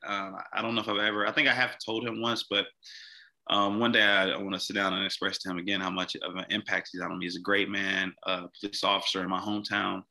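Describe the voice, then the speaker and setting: A young man from Mississippi, a podcast guest telling a personal story in a halting way, often repeating words and restarting. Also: deep voice, flat delivery, gravelly, bright, forceful tone.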